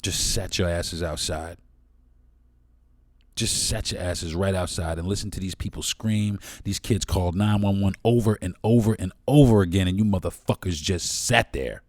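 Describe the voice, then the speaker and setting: A man's voice: low-pitched, normal speed, darkish tone, dry recording. A man hosting his own podcast, talking alone in a blunt, profane and impassioned way. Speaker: podcast host. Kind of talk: solo podcast monologue.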